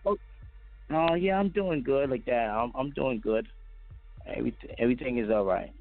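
A man calling in to a talk show, speaking haltingly with lots of fillers. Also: mid-range voice, creaky. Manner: halting, many fillers and restarts. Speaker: caller. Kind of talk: casual phone call. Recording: dry phone line with faint music.

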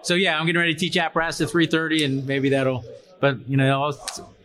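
A man hosts a loose panel chat at a trade conference, teasing his co-hosts and wandering through his sentences with fillers. His voice is bright and sits a touch high. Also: monotone, fast. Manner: joking, rambling with fillers and restarts. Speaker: host, fire service instructor. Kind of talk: casual panel chat on a livestream.

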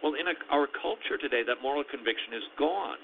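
A man's voice: mid-range voice, lively intonation, a little fast, gravelly. A man hosting a radio talk show, thinking aloud and acting out imagined quotes. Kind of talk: conversational radio commentary. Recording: tinny phone-like radio audio with faint noise.

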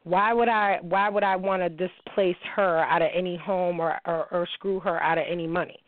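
A middle-aged woman hosting a show, telling a candid story in a blunt, animated way, full of slang and swearing. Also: lowish voice, moderate pace, dry recording. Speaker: show host. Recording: tinny phone-like line.

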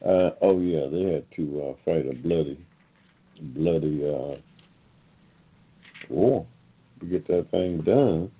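Older man, African American English accent, very low voice, folksy rambling host, tinny phone line. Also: slow pace, pauses often, husky. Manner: folksy, addresses listeners as y'all, many fillers. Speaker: host of an online talk show. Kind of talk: casual rambling monologue.

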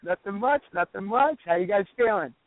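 Fill-in co-host dude, brash jokes, pretty high voice, tinny dry phone sound. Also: male voice, lively intonation, fairly quick, no room sound. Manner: brash, jokey, swears. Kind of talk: casual comedy chat.

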